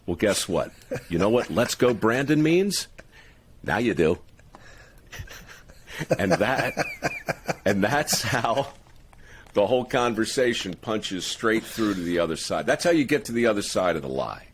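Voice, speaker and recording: A man's voice: fairly low pitch, big pitch swings, a little slow, pauses often, husky. A man hosting a podcast, talking emphatically and laughing often in casual conversation. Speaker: podcast host.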